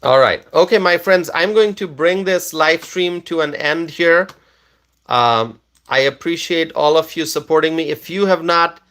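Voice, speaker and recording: A man hosting a casual live stream, tired after a long day, talking slowly and repeating himself as he reads viewer comments aloud. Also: on the high side, fairly bright tone, clean tone.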